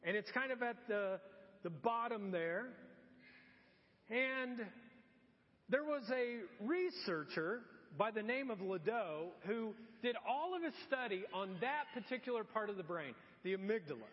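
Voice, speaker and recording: A man's voice: high voice, a little slow. A middle-aged man preaching a sermon as pastor, telling stories and acting out voices. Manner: animated storytelling with acted-out voices. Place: church. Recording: dull sound in a long-reverb church hall.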